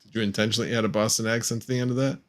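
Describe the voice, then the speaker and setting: A man's voice: lowish voice, fairly even intonation, very fast. Teasing man reading chat comments. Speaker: livestream host. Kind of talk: casual chat.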